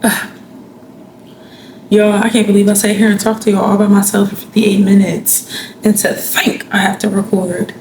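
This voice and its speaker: Chatty woman podcaster in an echoey room. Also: mid-range voice. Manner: chatty and heartfelt, addresses listeners as y'all. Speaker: podcast host. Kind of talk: solo casual podcast talk. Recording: echoey room with audible background noise.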